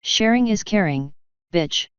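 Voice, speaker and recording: A woman's voice: mid-range voice, lively intonation, measured pace, clear, resonant tone, no echo, muffled recording, lightly acted. Woman reading as a blunt crude swordswoman.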